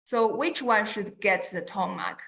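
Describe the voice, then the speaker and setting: A woman with a Chinese accent teaching a beginner lesson, patient and deliberate, drawing out sounds to demonstrate them. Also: mid-range voice, vocal fry, a bit bright.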